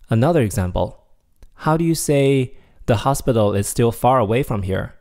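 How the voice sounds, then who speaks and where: Low-voiced male language teacher. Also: dark tone. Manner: models example sentences slowly and clearly. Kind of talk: scripted video lesson.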